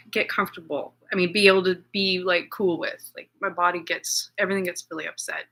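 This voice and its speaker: A middle-aged woman speaking in a personal video journal, shaken and anxious, talking haltingly with many fillers and restarts. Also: on the low side, fairly even intonation, bright, forceful tone. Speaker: vlogger.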